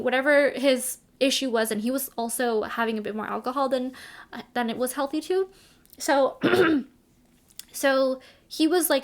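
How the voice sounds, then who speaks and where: A young woman giving casual advice to camera in a chatty way, with lots of fillers and restarts. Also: on the high side. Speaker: vlogger.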